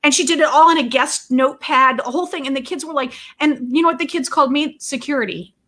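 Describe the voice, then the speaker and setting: An excitable woman in her forties co-hosting a podcast. Her voice is high and bright, and she jumps in with quick jokes and reactions. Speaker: podcast co-host. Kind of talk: casual chat.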